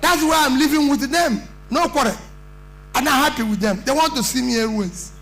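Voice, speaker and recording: Emphatic high-voiced Nigerian man. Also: moderate pace, a bit bright, slight background noise, poor audio. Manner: earnest, emphatic, plain-spoken. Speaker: political speaker. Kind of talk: conference speech.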